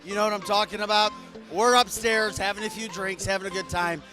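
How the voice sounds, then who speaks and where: A man telling a lively birthday story to a party crowd, acting out the shouts. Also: high voice, fairly quick, music in the background. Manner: lively anecdote with acted-out shouts. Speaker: party guest.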